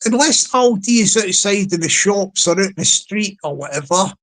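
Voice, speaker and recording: A man's voice: sits high, lively intonation, a bit bright, poor audio. A man on a casual live stream, playfully repeating a catchphrase and coaxing his chat to join in. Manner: repetitive, playful, drawn-out delivery.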